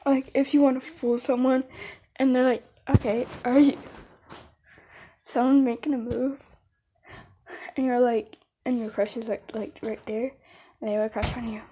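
A woman's voice: a little high, level tone, moderate pace, dark tone, lo-fi sound, a little hiss or hum. A woman casually chatting and rambling with lots of fillers between comic dubs. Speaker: comic dubber. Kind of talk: casual chat.

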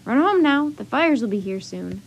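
A woman voicing a hurried grown man who is saving old books, speaking in a brisk, urgent way for a storybook read-aloud. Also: fairly high pitch, lively intonation, gravelly, husky, highs cut off, exaggerated voice.

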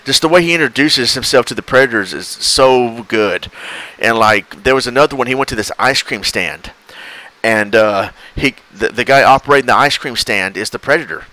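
A man's voice: mid-range voice, moderate pace, pushed and bright, rough recording. A man co-hosting a casual podcast chat, rambling and acting out quoted exchanges with laughs. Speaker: podcast co-host.

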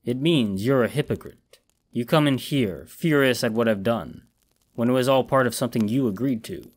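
A man's voice: mid-range voice, moderate pace, natural voice. A man voicing a smug, cruel cult leader who speaks coolly and mockingly. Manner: cool, mocking, sneering.

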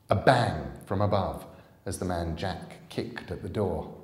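In a large, echoing room, a man with a deep, unhurried voice reads aloud from a novel. His audiobook-style delivery is calm and deliberate, like a storybook reader.

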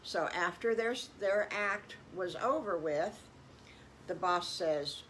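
A woman's voice: fairly low pitch, takes it slowly, fairly bright tone, a little hiss or hum. An older woman improvising a bedtime story for children, rambling with folksy exclamations.

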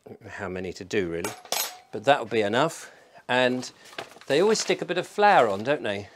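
A man's voice: medium pitch, expressive, brisk, slight background noise. A man from England chatting casually through a home cooking vlog, thinking aloud and making fun of himself. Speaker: vlogger. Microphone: microphone in a room.

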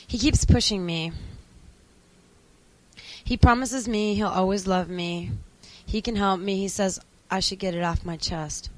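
A woman's voice: medium pitch, fairly even intonation, a little slow, pauses often, low-quality recording. A woman performing a spoken word piece in an intense, raw and rhythmic way.

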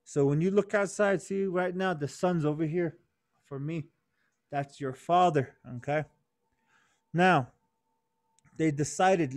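High-voiced animated male storyteller. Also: takes it slowly, pauses often. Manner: animated, calls on listeners by name. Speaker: youth conference speaker. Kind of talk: storytelling talk to children.

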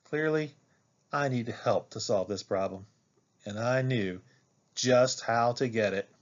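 A man reads a children's picture book aloud for a classroom, slow and expressive, in a mid-range voice. The recording is a little dull and muffled. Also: medium pitch. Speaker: read-aloud teacher.

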